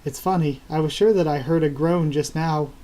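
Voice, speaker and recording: A man doing a live reading of a manga chapter and reacting to it, with frequent laughs and excited asides. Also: a little high, moderate pace. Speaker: manga reviewer.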